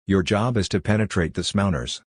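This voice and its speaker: A man's voice: deep voice, fairly quick, breathy edge, no room sound. A man reading the lines of a young male doctor who lectures in a matter-of-fact way. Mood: lecturing.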